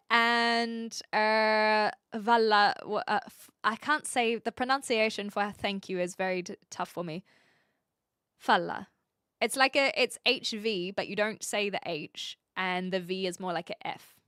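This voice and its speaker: A woman's voice: on the high side, sharp tone, clean tone, no room sound, clean studio sound. A woman streamer in casual livestream chat, reading viewer comments aloud in a chatty, rambling way with frequent laughs.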